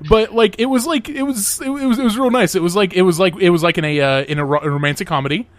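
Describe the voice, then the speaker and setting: Male podcast guest, slightly high voice, rapid and rambling. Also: no room sound. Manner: rambling, lots of "like" and restarts. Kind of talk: casual chat.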